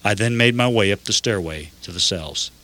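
An older man narrating a first-person story in an earnest, measured way. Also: on the low side, sharp tone.

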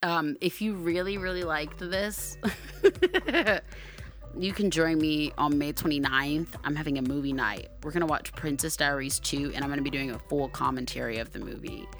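A young woman hosting her podcast in casual solo talk, chatty and playful, now and then loud and excited. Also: sits low, normal speed, faint music behind. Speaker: podcast host.

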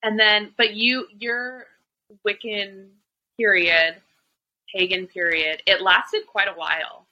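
A woman's voice: mid-range voice, fairly even intonation, slow pace, sharp tone, rough recording. A woman in her twenties hosting a podcast in casual chat, speaking in a thoughtful, earnest way and asking follow-up questions. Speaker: podcast host.

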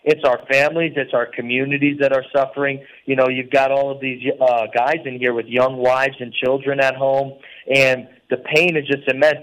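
A man's voice: mid-range voice, a bit bright, low-quality recording. Earnest rambling man calling from prison. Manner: earnest and rambling, with many fillers. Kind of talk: talk radio interview.

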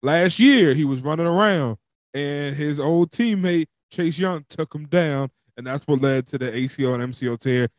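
A man's voice: normal speed, no echo, studio quality. A man hosting a casual sports podcast, chatty and loose, laughing and filling with "um" and "like". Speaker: podcast host. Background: dog squeaking a toy.

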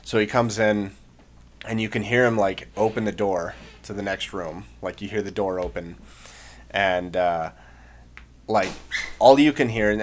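A young man telling a long story in casual chat, rambling with many fillers and acting out shouted lines. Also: lowish voice. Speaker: podcast co-host, Marine veteran.

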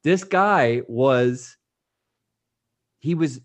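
A man's voice: medium pitch, extremely slow, no echo. A man on a podcast telling stories in casual chat, acting out voices and laughing as he goes. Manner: animated storyteller, acts out voices and laughs. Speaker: podcast host.

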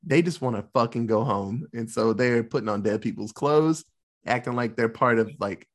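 A man's voice: mid-range voice, moderate pace. A man casually retelling a war film's plot, swearing freely and jokingly acting out the characters' lines. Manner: profane, jokey, animated retelling with put-on quotes. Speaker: podcast co-host recapping a film. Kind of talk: casual chat.

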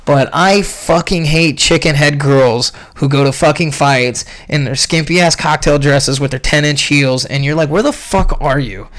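A young man ranting casually about a fight event, profane and rambling, clearly irritated. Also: a little high, fairly even intonation, normal speed, hardly any pauses, a bit bright. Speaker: podcast host recapping a fight event.

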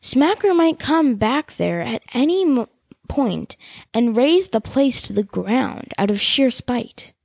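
Slow, high-voiced woman reading a novel. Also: animated, vocal fry, darkish tone, breathy edge, no echo. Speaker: podcast host.

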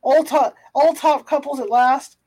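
A woman's voice: high voice, steady tone, unhurried, warm tone, poor audio. A woman narrating a classic novel aloud, sometimes stumbling and restarting words. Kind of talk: audiobook reading of a classic novel.

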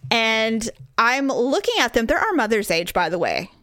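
A middle-aged woman telling a story in casual chat, animated and profane, acting out what people said. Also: on the high side, moderate pace, no room sound, clean studio sound.

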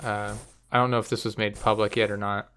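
A man hosting a casual podcast chat, rambling and telling dark jokes with a straight face. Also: on the low side, fairly quick, clear, resonant tone. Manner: rambling, deadpan dark joking. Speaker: podcast host and editor.

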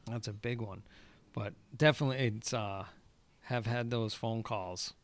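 A man's voice: lowish voice, steady tone, a little slow, dry recording. A man who works as a golf course superintendent, telling rambling stories in casual chat, swearing and laughing often.

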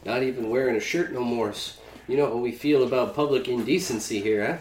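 A man's voice: medium pitch, fairly quick, darkish tone. A man improvising a comedy scene on a podcast in a folksy, easygoing manner. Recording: roomy, distant, light noise.

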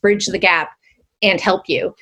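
A woman co-hosting a podcast, chatting casually in an animated, rambling way, laughing often and swearing now and then. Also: lowish voice, a little slow. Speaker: podcast co-host. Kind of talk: casual chat.

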